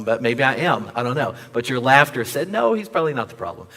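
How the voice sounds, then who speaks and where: A young male pastor delivering a sermon in a church, telling a story with animated energy and acting out the voices of the people in it. His voice sits at an ordinary middle pitch and carries a long reverb from the sanctuary. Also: quick pace, hardly any pauses. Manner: animated storyteller acting out dialogue, jokes with the audience.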